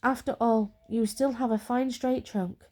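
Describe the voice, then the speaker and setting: Gentle beech tree, soft-voiced by a woman, whispered role-play, reassuring. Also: a little high, steady tone, measured pace.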